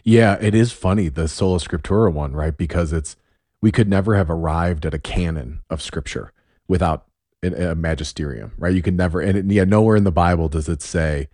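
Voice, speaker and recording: A man's voice: sits low, brisk, darkish tone, no echo, clean studio sound. A man hosting a casual interview, thoughtful and enthusiastic as he asks questions. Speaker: podcast host.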